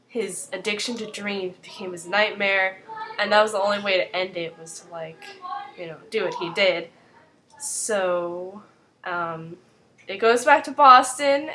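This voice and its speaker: A woman's voice: medium pitch, fairly bright tone, a little hiss or hum. A young woman casually recapping a TV episode in a vlog, chatty and leaning on "like" throughout. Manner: chatty, fills with 'like' constantly.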